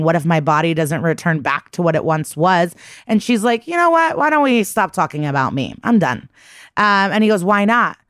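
A woman's voice: fairly low pitch, no room sound, clean studio sound. A woman co-hosting a podcast, chatty and profane, recapping a TV episode and acting out its lines. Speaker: podcast co-host.

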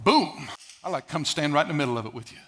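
High, bright-voiced preaching pastor. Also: male voice, animated, fast talker. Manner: emphatic, swings between loud declarations and hushed asides. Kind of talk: sermon.

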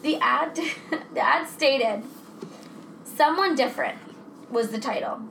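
Her voice sits high, gravelly and sharp-toned, and she talks slowly as she co-hosts a casual true-crime show, cursing freely in a chatty way. The recording picks up echo and faint noise.

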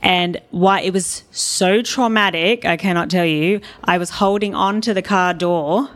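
A woman's voice: fairly low pitch, a little slow. An Australian woman speaking as an interview guest, telling stories candidly and with animation. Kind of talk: casual interview talk.

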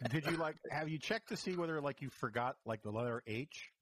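A man in a casual chat who interrupts with teasing, deadpan questions. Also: on the high side, a little fast, no room sound.

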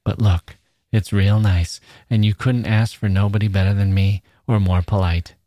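A man reading as a drawling, menacing smooth-talker. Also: lowish voice, steady tone, moderate pace, mellow, no room sound, studio quality, natural voice. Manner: coaxing, drawling, casual slang. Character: menacing smooth-talking adult male stalker.

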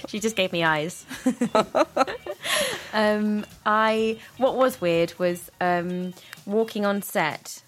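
A woman's voice: mid-range voice, extremely slow. A young woman telling anecdotes as a guest in a radio interview, chatty and self-deprecating, laughing often. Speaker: actress guest.

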